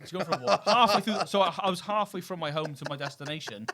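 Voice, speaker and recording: A Welsh man on a pub podcast tells crude, self-mocking stories with no shame. He talks fast in a bright, high voice. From Wales. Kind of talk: casual pub chat.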